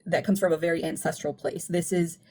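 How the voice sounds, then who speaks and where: Woman, slightly low-pitched, earnest reflective commentator, casual analysis. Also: brisk. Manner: earnest and reflective, speeding up when animated. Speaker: music commentary YouTuber.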